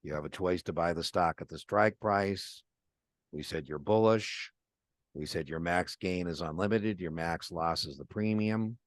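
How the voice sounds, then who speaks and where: A male instructor teaches options in a relaxed, talky way, calling on students by name and acting out client phone calls to make his points. His voice sits low. The sound is close and dry, with no room echo. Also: a little slow. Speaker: exam prep instructor. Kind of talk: live online class lecture.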